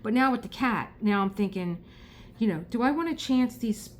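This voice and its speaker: A middle-aged Philadelphia woman with a South Philly accent chats casually as she crafts, rambling and laughing often in her vlog. Her voice is on the high side and animated, at a moderate pace, with a little hiss or hum in the audio.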